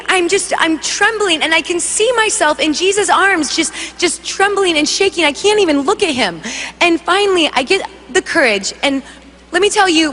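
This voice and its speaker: Young woman, high bright voice, animated storyteller at a church stage mic, long hall reverb. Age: young adult. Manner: animated storytelling, acts out voices, laughs often. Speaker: worship leader giving testimony. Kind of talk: testimony preached to a congregation.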